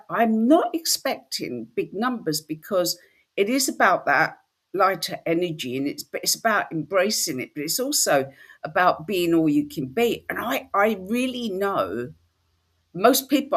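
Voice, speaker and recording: Woman host, husky voice, very lively pitch, chatty storyteller. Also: moderate pace. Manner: animated storytelling, slips into quoted voices. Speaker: spiritual workshop host. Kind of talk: casual chat.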